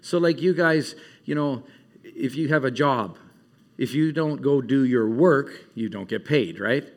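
Earnest middle-aged man preaching at camp. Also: mid-range voice. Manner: earnest, rambling, halting with fillers and restarts. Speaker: camp speaker. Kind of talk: informal sermon to a camp crowd. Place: meeting room at a summer camp.

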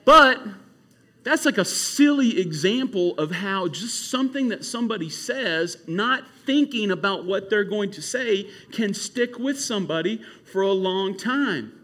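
A male youth camp speaker delivering a sermon. He talks in a casual, animated storytelling style. His voice sits high and sounds bright and forceful. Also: unhurried.

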